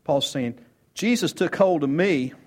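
Male pastor, fairly high voice, emphatic sermon delivery that climbs on key lines. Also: lively intonation, a little slow. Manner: emphatic, rises in pitch for quoted lines, repeats words. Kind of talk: expository sermon.

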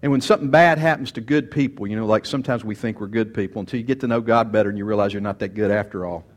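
A man preaching a sermon and teaching from scripture, swinging from loud emphatic bursts to quiet asides and acting out quoted speech. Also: on the low side, rapid-fire. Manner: animated, rises loud for emphasis, then drops quiet; acts out quoted speech, repeats words. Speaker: pastor.

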